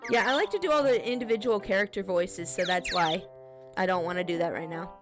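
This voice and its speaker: A woman streamer chatting casually with her viewers, in a chatty, relaxed and apologetic manner. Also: lowish voice, brisk, over music. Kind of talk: casual live-stream chat.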